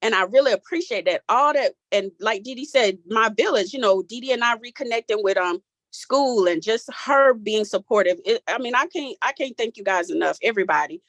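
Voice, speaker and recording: Fairly high-pitched and expressive, a bit bright and fairly quick, this guest's voice comes through with no room sound. She's a woman in her forties giving testimony in a group talk, emotional and candid with a casual Southern tinge. Her voice breaks as she holds back tears.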